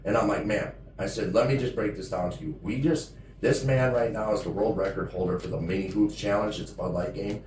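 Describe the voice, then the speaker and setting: A man's voice: lowish voice, brisk, darkish tone. A man co-hosting a podcast, telling a long story in a rambling, profane way and saying "dude" constantly. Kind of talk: casual storytelling among friends. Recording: roomy echo, far from mic, faint background noise.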